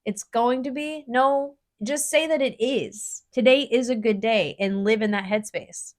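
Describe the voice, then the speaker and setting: A woman's voice: fairly high pitch, a little slow. A woman co-hosting a casual podcast, talking bluntly and animatedly and swearing casually. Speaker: podcast co-host.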